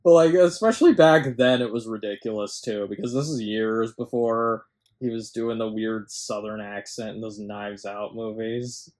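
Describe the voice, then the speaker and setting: A man's voice: fairly low pitch, moderate pace, darkish tone. A man co-hosting a podcast, chatting casually about a film, rambling, incredulous, swearing and laughing as he goes. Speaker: podcast co-host. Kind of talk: casual film review chat.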